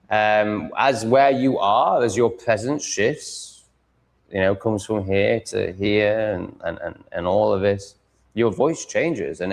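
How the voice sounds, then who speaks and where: Man, low voice, crude, mocking, rambling live-stream chat. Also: vocal fry. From Sheffield, England. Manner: crude, mocking, swears freely.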